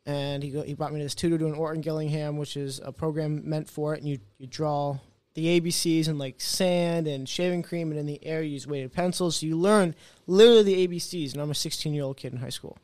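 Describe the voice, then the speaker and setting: This is a young male guest in a casual interview, his voice on the high side and fairly fast, with few pauses and no room sound. Animated throughout, he performs the voices of anyone he quotes as he relates his story.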